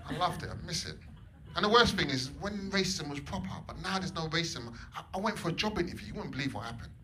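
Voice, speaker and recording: A man performing stand-up comedy in a comedy club, animated, swinging between loud bursts and low mutters. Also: quick pace. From England. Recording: live club set with audience noise. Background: audience laughter.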